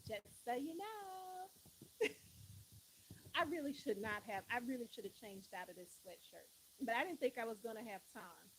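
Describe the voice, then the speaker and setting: A woman's voice: a little high, lively intonation, fairly quick, a bit bright, slight background noise, low-quality recording. A woman hosting a live stream, chatting casually and animatedly, often breaking into laughter.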